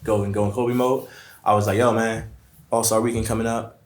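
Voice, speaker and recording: A low-voiced man, a podcast guest spinning animated stories and slipping into other people's voices as he quotes them. The sound is roomy and echoey, as if recorded in an untreated room. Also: brisk, crowd noise. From Brooklyn, New York. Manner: animated storyteller, acts out quotes. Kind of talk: casual storytelling chat.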